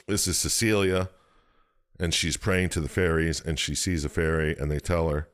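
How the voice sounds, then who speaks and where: A man with a very low voice talks through a story in loose, rambling podcast chat. He swears freely and now and then jumps into squeaky, exaggerated voices for the characters. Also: steady tone, a little slow. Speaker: podcast co-host. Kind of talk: casual chat, recapping a game plot.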